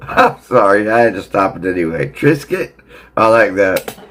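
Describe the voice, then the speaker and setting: Slow-talking man reacting to a clip. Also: on the low side, a bit bright, slight background noise. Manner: short laughing interjections. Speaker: reaction video host. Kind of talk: reaction commentary.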